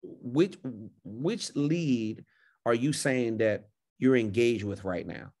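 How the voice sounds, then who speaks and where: A man's voice: mid-range voice, takes it slowly, darkish tone. A man coaching a caller on a livestream Q&A, confident and emphatic, often repeating phrases. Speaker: speaking business coach.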